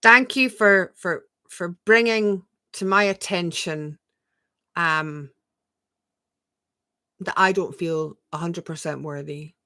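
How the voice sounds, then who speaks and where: Bright-voiced woman coaching on a live stream. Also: on the low side, slow pace, long pauses, dry recording. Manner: gentle, repetitive affirmations, rhetorical questions; reads viewer comments aloud and answers them. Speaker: spiritual coach.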